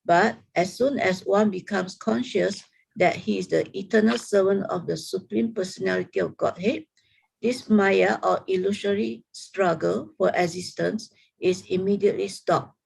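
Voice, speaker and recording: A woman reading scripture aloud in a steady, careful way during an online study group, heard over a video call. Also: mid-range voice, moderate pace, creaky, breathy edge, low-quality recording.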